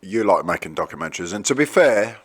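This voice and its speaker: A man co-hosting a podcast, chatting and telling stories in an animated way, laughing and swearing freely. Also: low-pitched, fast talker. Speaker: podcast co-host. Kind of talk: casual banter and storytelling.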